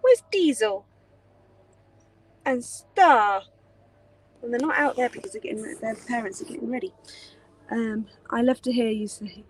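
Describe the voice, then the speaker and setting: A woman's voice: on the high side, fairly even intonation, fairly quick, breathy edge. A young British woman chatting casually on a live stream, rambling with many fillers. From Britain. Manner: rambling, many ums and likes. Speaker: live chat host.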